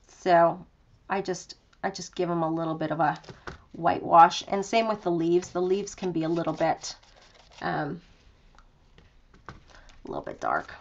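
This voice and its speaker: A woman's voice: on the low side, lo-fi sound. A young woman hosting a live craft tutorial from her home craft room, chatty and self-deprecating, with lots of fillers. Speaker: craft demonstrator.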